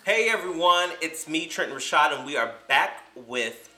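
Sassy man with a very bright voice. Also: fairly high pitch, unhurried, roomy sound. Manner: animated, sassy, teasing. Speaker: podcast co-host. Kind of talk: casual chat.

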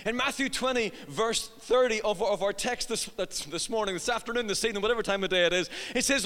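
A man's voice: extremely high pitch, fairly quick, few pauses, a bit bright. A middle-aged man preaching a sermon, telling a funny family story and acting out the voices. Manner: humorous storyteller, acts out voices, laughs at own jokes. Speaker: pastor. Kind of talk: sermon with personal anecdote. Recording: long reverb of a hall.

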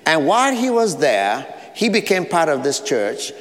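African-accented pastor preaching in a hall. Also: male voice, a little high, very animated, measured pace, a bit bright. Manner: earnest preaching with short repeated phrases and light asides. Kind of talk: sermon. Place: church sanctuary.

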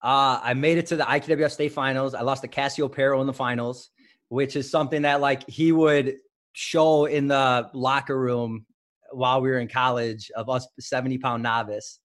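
A man's voice: mid-range voice, fairly even intonation, normal speed. A man in his thirties from Illinois, a former wrestler, telling stories as a guest in a casual interview, with many fillers and restarts. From Highland Park, Illinois.

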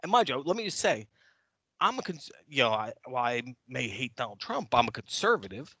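A man's voice: mid-range voice, very animated, a little fast, bright, forceful tone, breathy edge, no echo. A man, co-hosting a podcast, talking bluntly and heatedly and cursing as he rants. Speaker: podcast co-host. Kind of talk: casual podcast chat. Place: New York City.

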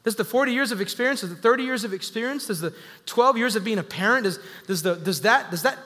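A man with a high, bright voice preaches to his congregation, calling out to them with lively energy. His voice rings through a church hall with a long echo. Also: quick pace. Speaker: pastor. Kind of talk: sermon. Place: church sanctuary. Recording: echoey hall.

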